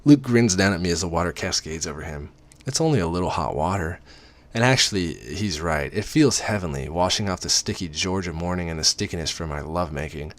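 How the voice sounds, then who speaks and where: A man with a deep, low voice reads a first-person romance parody aloud. He narrates casually, now and then slipping in wry, offhand asides. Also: lively intonation, fairly quick. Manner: wry asides mid-reading. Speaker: reader.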